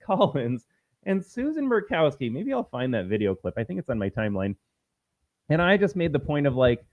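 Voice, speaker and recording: Combative male political streamer, lively pitch. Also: no echo, muffled recording. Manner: combative, repetitive, emphatic. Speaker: host. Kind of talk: political commentary livestream.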